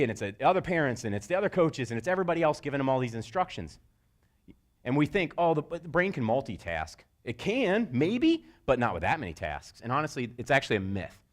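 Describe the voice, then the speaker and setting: A middle-aged man delivers a motivational coaching talk, his voice sitting at an ordinary pitch but swinging up and down with energy. He tells stories animatedly and pops into high, shouted voices for the people he quotes. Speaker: speaker. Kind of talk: motivational talk to sports parents.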